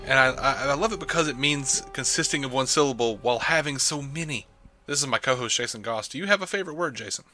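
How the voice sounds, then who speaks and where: Bright-voiced male podcast host. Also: mid-range voice, fast, soft background music. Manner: chatty, laughs often. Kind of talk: casual chat. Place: home desk setup. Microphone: studio microphone.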